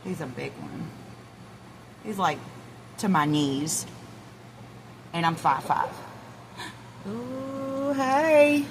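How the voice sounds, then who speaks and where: A woman's voice: mid-range voice, drawn-out words, long pauses, background noise. A woman films her backyard chickens on a handheld phone, talking casually and nervously. She swears under her breath and coos at the birds. Faint outdoor ambience sits behind her voice. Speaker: vlogger. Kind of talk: casual chat. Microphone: handheld phone camera.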